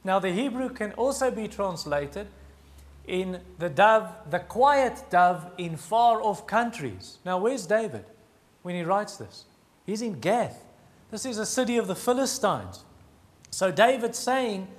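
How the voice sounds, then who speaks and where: A man preaching a sermon, earnest and emphatic, slowing down to stress key phrases. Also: high-pitched, very animated. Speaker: pastor.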